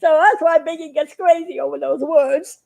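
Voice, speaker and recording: A woman's voice: high voice, moderate pace, creaky, darkish tone. A woman hosting a casual live stream about her cartoons, rambling and giggling often. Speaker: livestream host and cartoon animator.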